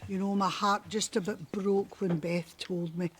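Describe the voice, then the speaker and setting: A woman's voice: mid-range voice, steady tone, unhurried, slight background noise, natural voice. An actress playing a melodramatic middle-aged neighbour who dwells on her ailments. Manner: self-pitying, theatrical.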